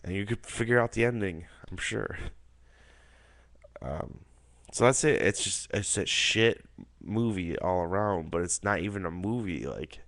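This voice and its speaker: A low-voiced man rambles through a casual movie review, his talk full of swearing and filler words. The recording is dry and close, with no room echo. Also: a little slow, a bit bright. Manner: rambling, profane, filler-heavy. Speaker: amateur film reviewer.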